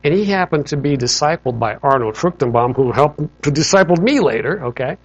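A man's voice: a little high, animated, fairly quick, no room sound. A man telling a personal testimony to an audience in a conversational storytelling manner, often checking in with asides. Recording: slightly dull lo-fi recording.

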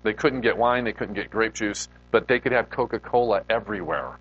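A man's voice: on the low side, a little fast, no echo, highs cut off. A male pastor giving a conversational sermon in an informal way, putting rhetorical questions to his listeners.

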